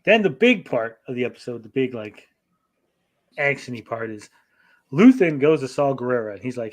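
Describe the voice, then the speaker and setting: A man's voice: mid-range voice, very animated. A man co-hosting a podcast, casually recapping a TV episode in a profane, rambling way and briefly acting out the characters. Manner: profane, rambling, acts out characters in quick asides. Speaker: podcast co-host.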